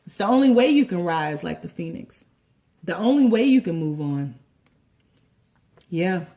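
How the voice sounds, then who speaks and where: Woman tarot reader, lively, preachy and joking, in a roomy echo. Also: on the low side, unhurried. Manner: animated, preachy, joking, profane. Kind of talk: tarot card reading.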